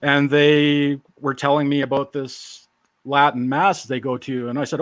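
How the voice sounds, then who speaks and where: A man's voice: mid-range voice, flat delivery, moderate pace, fairly bright tone, no echo. Laid-back man in his forties. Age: 40s. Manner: laid-back, joking, self-deprecating. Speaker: interview guest. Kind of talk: casual storytelling.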